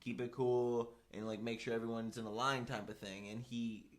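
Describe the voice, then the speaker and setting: A young man with a mid-range voice co-hosts a podcast, speaking at a normal speed. He tells a story in casual chat, animatedly acting out the people he quotes. He leans heavily on "like" as a filler.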